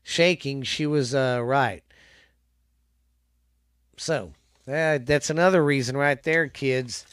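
Halting man reading ghost stories. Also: mid-range voice, a bit bright, clear, resonant tone, no room sound. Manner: halting reading with frequent restarts and fillers. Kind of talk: casual storytelling podcast.

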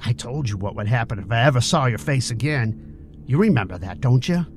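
A man's voice: mid-range voice, expressive, a little fast, slight background noise, natural voice. A man reading an audiobook, voicing a menacing bully who taunts and threatens his victim.

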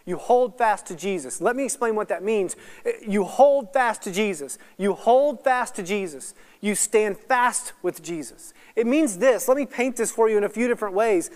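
High-voiced animated male preacher, reverberant hall. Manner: swings from hushed to loud, rapid excited asides. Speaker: guest speaker at a Bible study. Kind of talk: animated Bible teaching. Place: church hall or meeting room.

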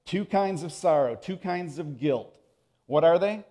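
A man's voice: on the high side, animated, measured pace, mellow. A man preaching a sermon as pastor, emphatic and repeating phrases for stress.

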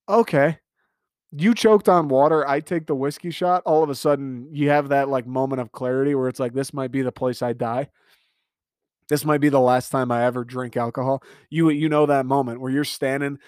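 A young man delivers an animated comedic rant monologue, exasperated and laughing at his own jokes. His mid-range voice is captured in a dry, studio-quality recording.

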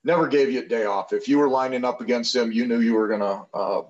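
A man's voice: mid-range voice, steady tone, fast talker, a little mellow, lo-fi sound. A man in his sixties, a podcast guest, telling long anecdotes in a rambling way with many fillers and restarts. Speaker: podcast guest, former football player. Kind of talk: casual storytelling interview.

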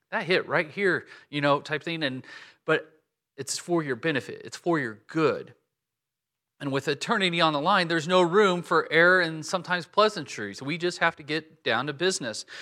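A man in his forties delivers a sermon, his voice pitched a little high and bright. He tells stories in an animated way, jumping up in pitch and volume when he acts out what people said. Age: 40s. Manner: animated storytelling, acts out quotes with big swings in pitch and volume. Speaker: pastor. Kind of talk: sermon with a personal story.

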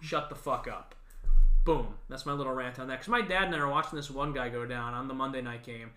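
Podcast co-host, man, animated profane ranter, bright edge, roomy sound. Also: fairly quick. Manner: ranting, animated, profane, mocks others in shrill voices. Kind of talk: casual chat.

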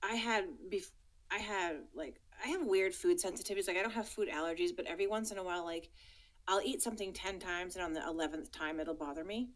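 A woman's voice: fairly low pitch, fast talker, rough recording. A woman co-hosting a movie podcast, telling a personal story in casual chat, laughing often and acting out the quotes. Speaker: podcast co-host.

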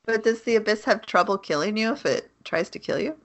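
A woman's voice: medium pitch, a little fast. A woman co-hosting a podcast in casual chat, asking short curious questions. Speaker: podcast co-host.

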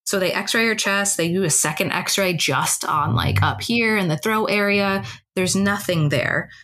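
A woman's voice: mid-range voice, a bit bright. A woman co-hosting a podcast, telling a personal story in a casual, chatty way with lots of "like" fillers. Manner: fast conversational telling, many fillers like "like". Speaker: podcast co-host.

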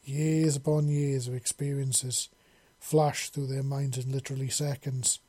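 A man narrating a story chapter in a steady, earnest reading voice. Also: mid-range voice, measured pace, husky. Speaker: audiobook narrator.

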